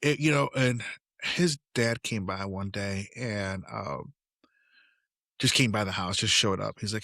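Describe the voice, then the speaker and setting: Middle aged guy on a podcast, bright voice, dry close sound, acts out all the back and forth. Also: lowish voice, a little slow, gravelly, no room sound. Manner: animated, acts out quoted dialogue. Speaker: podcast co-host. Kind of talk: casual storytelling chat.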